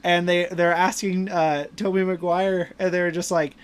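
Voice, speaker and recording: A man's voice: high-pitched, flat delivery, normal speed, smooth. A man hosting a podcast, animatedly retelling movie scenes in casual chat and laughing often. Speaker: podcast host.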